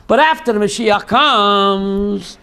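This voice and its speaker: A rabbi teaches a class on Jewish theology in a high, clear, resonant voice at a slow pace. He's animated, quizzing listeners with call-and-response questions and slipping into the voices of those he quotes.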